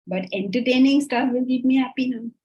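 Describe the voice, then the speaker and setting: A woman teaching a Vedanta class in a lively, conversational way, often asking her students rhetorical questions. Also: high-pitched, brisk, breathy edge. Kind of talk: online class lecture. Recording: muffled lo-fi audio.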